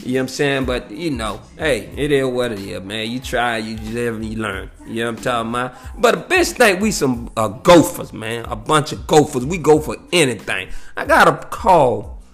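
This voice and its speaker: A man telling a story in a profane, animated rant, peppered with "you know what I'm saying". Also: mid-range voice, moderate pace, soft background music.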